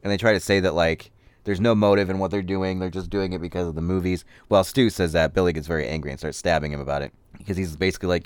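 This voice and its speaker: A man's voice: deep voice, fast, clean tone, no echo. Chatty jokey man recapping a film. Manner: chatty, jokey, animated impressions. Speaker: podcast host. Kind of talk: casual movie recap.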